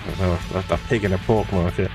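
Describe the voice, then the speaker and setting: Casting: man, low voice, dry and sweary, a bit off-mic over guitar music. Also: steady tone, fast talker, recorded from a distance. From United Kingdom. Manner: sweary, sarcastic, jokey. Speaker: guest painter. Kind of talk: casual stream chat.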